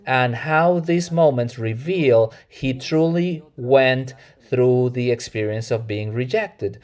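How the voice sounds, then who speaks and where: Earnest preacher, Mexican Spanish accent. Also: male voice, medium pitch, a little mellow. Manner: earnest, measured preaching with self-corrections. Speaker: pastor. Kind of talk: sermon.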